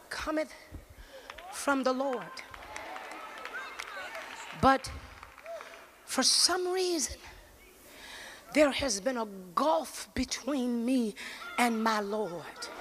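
A woman preacher giving an impassioned live sermon. She often shouts and repeats phrases rhythmically. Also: a little high. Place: conference hall. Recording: noisy live hall recording.

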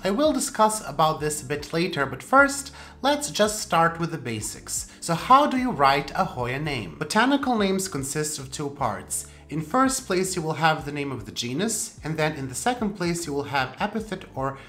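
Woman, low-pitched, playful, sudden emphatic rises, casual lesson. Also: very animated, normal speed, hardly any pauses, fairly bright tone. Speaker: plant channel host. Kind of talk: casual instructional talk.

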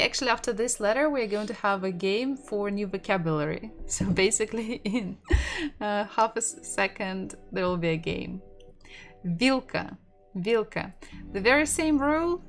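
Slow woman teaching. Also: mid-range voice. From Russia. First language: Russian. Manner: slow, repeats each word for learners to echo. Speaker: Russian language teacher. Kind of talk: online language lesson.

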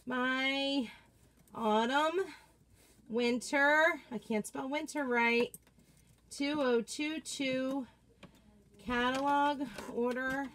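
High-voiced excitable woman vlogger. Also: a little hiss or hum. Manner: chatty, excitable, greets viewers by name. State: out of breath. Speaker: craft vlogger hosting a livestream. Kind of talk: casual livestream chat.

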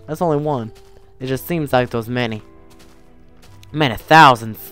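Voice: mid-range voice, a bit bright, clean tone, dry recording. Wesoły, gadatliwy komentator gry. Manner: goofy, rambling, taunts game creatures. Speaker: game commentator. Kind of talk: let's play commentary.

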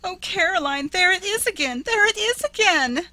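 A frantic sister on the edge of hysteria, as a woman narrator puts her on, her voice leaping high and lively with dread. The tone rings bright and piercing, with a storybook reading's rising wails. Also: fairly quick, no echo. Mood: terrified. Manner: wailing, frantic. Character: terrified sister, shrill wailing woman.

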